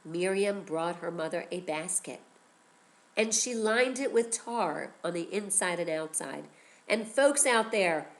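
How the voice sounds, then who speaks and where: A woman teacher telling a story to children in an animated way, often drawing her young listeners in. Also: on the low side, low-quality recording. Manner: animated, addresses listeners with "guess what".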